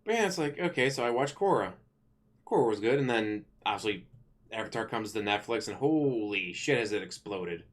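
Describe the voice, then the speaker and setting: A man vlogging in a casual, complaining rant, animated and swearing freely. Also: lowish voice, moderate pace. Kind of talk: casual ranting commentary.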